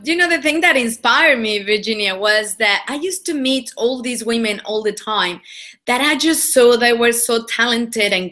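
A woman from Mexico speaks English with a Spanish accent, her tone bright and clear. She tells her story earnestly and with energy, leaning on fillers as she goes. She is a guest speaking over a video call. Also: fairly high pitch. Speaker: women's leadership coach. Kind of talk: interview guest.

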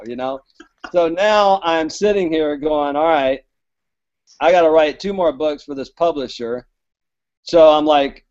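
On dull lo-fi audio, the guest author from Alabama speaks a little slowly in a highish voice with a darkish tone. His interview is casual storytelling, rambling and chatty, with the quoted dialogue acted out.

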